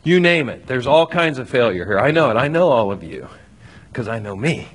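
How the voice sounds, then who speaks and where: A man preaching a sermon, acting out scripture with lively swings between loud and soft. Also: mid-range voice, normal speed, husky. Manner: animated, acts out scripture with shifting loudness. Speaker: pastor.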